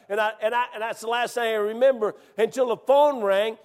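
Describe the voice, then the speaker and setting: A man delivers a sermon in a strikingly high voice, recounting a story with mounting feeling that breaks into shouts. His words ring out through a long, reverberant hall. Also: fairly even intonation, fairly quick. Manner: emotional storytelling, rising to shouts. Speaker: preacher.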